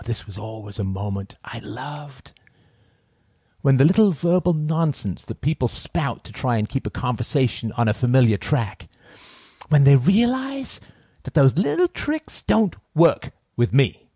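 A man telling a first-person story in a cold, deliberate, sardonic way. His pitch swings widely as he moves through the lines, and the sound is dry and close. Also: big pitch swings, darkish tone, breathy edge, no room sound.

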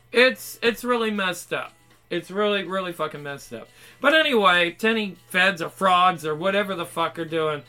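A man's voice: sits high, sharp tone. A man ranting in an angry, profane, rambling monologue.

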